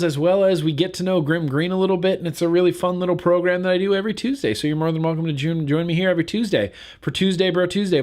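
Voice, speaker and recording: A young man hosting his own vlog in a casual, laid-back way, swearing offhandedly and laughing at viewer comments. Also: fairly high pitch. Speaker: vlog host.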